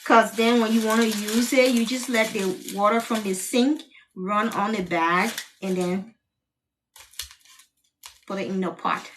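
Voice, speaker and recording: A woman's voice: mid-range voice, steady tone, unhurried, pauses often, recorded from a distance, a little hiss or hum. A woman from Liberia chatting casually while cooking, teary-eyed and sighing from cutting onions as she greets viewers. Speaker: cooking channel host.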